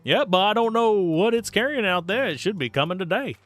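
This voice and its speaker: A man's voice: high voice, expressive, fairly quick, fairly bright tone, soft background music, voice pushed up. A man voicing a chatty old male townsman from a video game, reading his lines aloud in a raised voice. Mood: gossipy.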